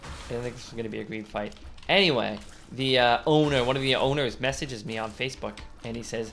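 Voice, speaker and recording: A man's voice: medium pitch, fairly quick, vocal fry, fairly bright tone, soft background music. A young man telling a rambling story as he plays a game, switching between acted-out quotes and sudden outbursts at what is on screen. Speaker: gaming commentator. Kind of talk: casual let's-play storytelling.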